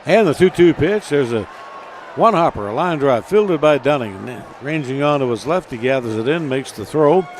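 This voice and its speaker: A man's voice: normal speed, a faint crowd. Guy doing baseball play by play, laid back, chatty, bit of outdoor noise behind. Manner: relaxed, chatty between pitches. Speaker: play-by-play announcer. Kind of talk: baseball radio commentary.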